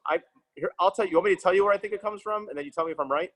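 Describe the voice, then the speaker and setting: A man's voice: sits high, racing, a bit bright, poor audio. A man hosting a podcast interview, chatting casually and rambling with frequent restarts. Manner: rambling, restarts phrases, many fillers. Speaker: podcast host.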